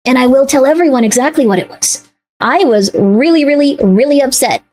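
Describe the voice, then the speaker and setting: A woman streamer on a livestream, upset and annoyed, then talking herself back into calm. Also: high-pitched, fairly quick, a little hiss or hum. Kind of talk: livestream talk.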